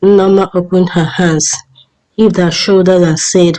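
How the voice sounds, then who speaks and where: Woman storyteller, low and measured. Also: fairly even intonation, mellow, poor audio. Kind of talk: storytelling narration.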